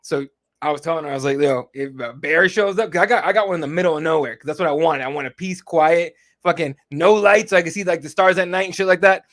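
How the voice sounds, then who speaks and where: A man's voice: on the high side, quick pace, a bit bright. A man in his thirties co-hosting a podcast, telling long family stories in casual, profane chat. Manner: profane, rambling storyteller. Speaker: podcast co-host.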